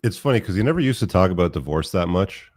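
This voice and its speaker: A man co-hosting a podcast, making measured, drawn-out remarks in a casual reaction discussion. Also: deep voice, lively intonation, darkish tone, dry recording. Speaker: podcast co-host.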